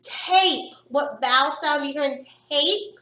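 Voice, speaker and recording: Woman phonics teacher, high voice, slow and encouraging, recorded off-mic in a roomy space. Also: bright, forceful tone, recorded from a distance. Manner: slow, stretched-out sounding of words for young pupils; encouraging, upbeat praise. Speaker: primary school teacher. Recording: echoey room, voice somewhat off-mic.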